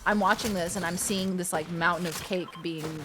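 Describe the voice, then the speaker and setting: A woman streaming a video game, chatting casually and rambling with animated, excitable outbursts. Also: fairly low pitch, normal speed, over loud music. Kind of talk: casual gaming stream chat.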